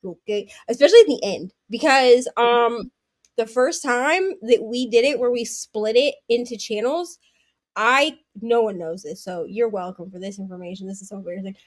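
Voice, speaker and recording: A high-voiced woman chats casually as a stream host. She tells stories with quick asides and laughs often. The sound is dry and close. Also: no room sound. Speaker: host of a long reading and craft sprint stream. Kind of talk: casual chat.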